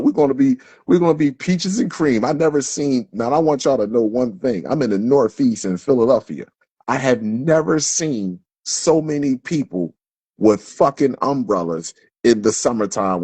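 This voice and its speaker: Recorded dry, the Philadelphia livestream host has a medium pitch, lively intonation and moderate pace, a little mellow yet slightly rough. His rant is heated and profane, stumbling over repeated words and restarts as it builds.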